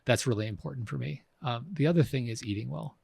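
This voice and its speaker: A man's voice: mid-range voice, quick pace, creaky, a little mellow, husky, no room sound, clean studio sound. A man in his fifties co-hosting a podcast, talking reflectively and often restarting his sentences. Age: 50s. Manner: reflective, frequent restarts and fillers. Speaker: podcast co-host. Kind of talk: casual conversation.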